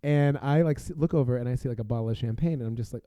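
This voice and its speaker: A man's voice: mid-range voice, very fast, dry recording, lo-fi sound. A man telling a wild party story as a podcast guest. He talks casually with lots of fillers and breaks into laughter. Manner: animated, laughing, filler-heavy.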